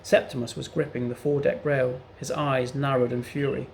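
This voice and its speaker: Male reader, children's book, gravelly, faint hiss underneath. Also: mid-range voice, level tone, moderate pace, poor audio. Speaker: storyteller. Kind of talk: children's book read-aloud.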